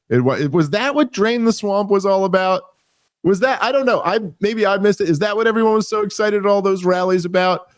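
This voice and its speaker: A man hosting a political talk show, sarcastic and animated, rambling through restarts. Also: fairly high pitch, no room sound, clean studio sound. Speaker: podcast host. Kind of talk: casual political commentary.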